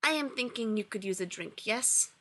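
A bemused, courteous male scientist, read by a woman with a bright, clear tone. He speaks in stiff, formal phrases and stays politely puzzled. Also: medium pitch, expressive, normal speed.

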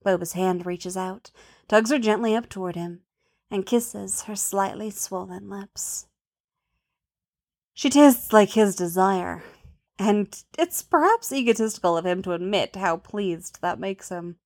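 Soft-voiced woman narrating a story. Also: medium pitch, unhurried. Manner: soft, intimate, often dropping to a hush. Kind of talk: reading an adult fan fiction story.

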